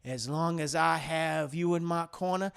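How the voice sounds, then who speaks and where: A man doing a soft, gentle young football player. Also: fairly high pitch, creaky, clear, resonant tone. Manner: slow and soft.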